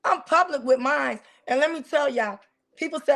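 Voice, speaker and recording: Woman host, high voice, sassy and animated, casual preaching-style commentary. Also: brisk, vocal fry. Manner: sassy, animated, talks straight to the audience. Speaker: talk show host.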